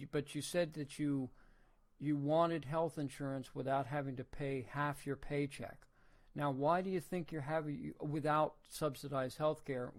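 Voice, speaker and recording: A podcast host giving a casual opinion monologue, talking in a folksy way full of rhetorical questions and frequent restarts. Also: male voice, medium pitch.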